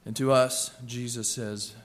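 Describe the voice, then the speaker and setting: A man preaching a sermon with earnest, rhythmic repetitions, slowing down and softening for emphasis. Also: mid-range voice, steady tone. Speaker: pastor. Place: church sanctuary. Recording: long reverb of a church hall.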